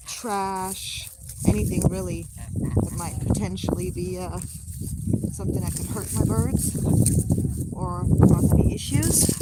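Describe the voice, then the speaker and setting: A woman in a casual outdoor vlog, walking the edge of a rural pond as she talks to the camera. She chats plainly, then breaks into high, sing-song baby talk for her geese and her barn cat. Loud outdoor noise sits all around her phone recording. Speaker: goose keeper and video host.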